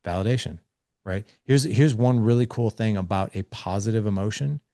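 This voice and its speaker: Energetic low-voiced man giving advice. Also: normal speed, no echo, clean studio sound. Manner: energetic, acts out kid and dad dialogue. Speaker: guest on a parenting show. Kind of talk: animated conversational advice.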